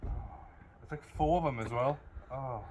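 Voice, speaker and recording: A man's voice: mid-range voice, slow, darkish tone, dull audio, slight background noise. A man working on a garden building site, grumbling and bantering back at his coworker who films him on a phone. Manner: grumbling, grudging. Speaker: building worker. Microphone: phone camera held by a coworker.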